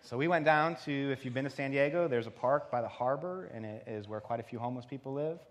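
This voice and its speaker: A man preaching, telling a personal story in an intimate way and dropping to a hush for quoted prayer. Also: medium pitch, fast. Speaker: pastor. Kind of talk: sermon storytelling. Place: conference venue.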